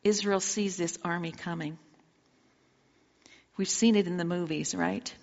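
A woman's voice: fairly low pitch, steady tone, measured pace, gravelly, a little mellow, big-room sound, lo-fi sound. A woman preaching a sermon, retelling the story dramatically and asking her listeners direct questions.

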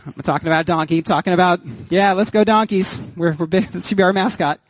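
A man pastor giving a sermon, telling stories with lively energy and frequent laughter, then closing in prayer. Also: high-pitched, fast talker, dry recording, lo-fi sound. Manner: animated storytelling, laughs often.

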